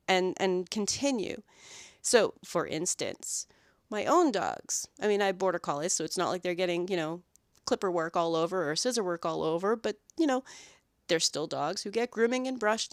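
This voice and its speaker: Woman, podcast host, lively and expressive, voices little quotes, frequent "right?", dry close sound. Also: medium pitch, no echo. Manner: animated, acts out dog and owner voices, frequent "right?". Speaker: podcast host and dog groomer. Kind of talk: casual podcast monologue.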